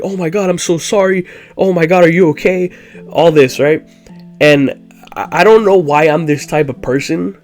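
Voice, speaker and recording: A young man telling a personal story in a casual, rambling way, full of "like" fillers. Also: mid-range voice. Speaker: vlogger.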